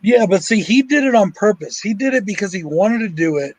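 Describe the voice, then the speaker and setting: A man's voice: high voice, animated, fairly quick, dry recording, low-quality recording. A man, talking bluntly and cursing freely in casual chat. His sound is dry and close. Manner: blunt, swears a lot, tells stories. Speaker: co-host.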